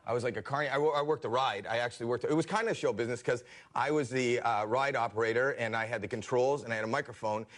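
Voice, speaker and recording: A man's voice: mid-range voice, fast talker, few pauses. A man from Canada, a talk show guest telling comic stories with stammering restarts and a self-deprecating manner.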